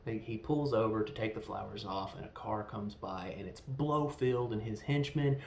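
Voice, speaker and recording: Gravelly man rambling through a film review. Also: medium pitch, normal speed, a little hiss or hum. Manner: rambling, enthusiastic retelling with many fillers. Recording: roomy echo.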